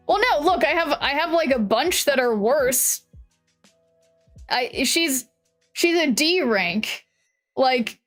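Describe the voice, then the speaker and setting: A woman live-streams, chatting loosely to her viewers in a slightly high voice. She restarts her sentences, swears freely and laughs a lot, and her voice sounds a little worn from yelling. Quiet music plays underneath. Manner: rambling, restarts sentences, curses and laughs often. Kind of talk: casual chat with viewers.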